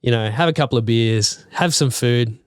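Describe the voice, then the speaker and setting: Smooth-voiced man, casual chat. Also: medium pitch, moderate pace, no echo, studio quality. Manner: relaxed storyteller, many "like" and "you know" fillers. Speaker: podcast co-host.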